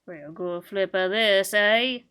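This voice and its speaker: A woman's voice: mid-range voice, takes it slowly, bright, forceful tone, smooth. Woman mocking a smug show-off enemy guy. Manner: mocking, boastful, exaggerated accent.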